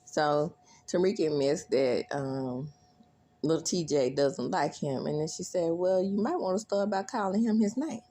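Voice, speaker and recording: A woman recapping a TV episode in a chatty, animated way, laughing often and squealing when she quotes lines. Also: deep voice, normal speed. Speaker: recap vlogger.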